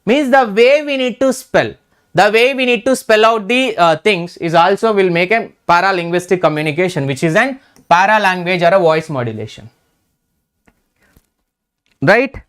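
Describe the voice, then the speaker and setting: A man's voice: sits high, expressive, normal speed, a bit bright, smooth. A middle-aged man with an Indian English accent, teaching an exam revision lecture, repeating key terms and checking in with "right?".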